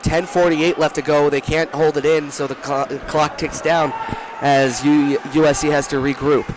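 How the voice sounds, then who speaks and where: A young man calling a hockey game from a rink booth, talking fast, shouting during rushes and often correcting himself. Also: fairly high pitch, flat delivery, noisy background. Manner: rapid, rising to shouts during rushes, with frequent self-corrections. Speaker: play-by-play commentator. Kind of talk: live hockey play-by-play commentary. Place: broadcast booth at an ice rink.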